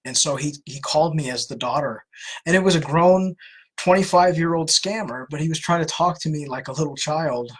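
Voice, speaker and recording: A woman's voice: sits low, fairly quick, a little hiss or hum, low-quality recording. A woman hosting a live question-and-answer session, answering viewer questions in an earnest, plain-spoken way. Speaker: host of a scam-awareness Q&A.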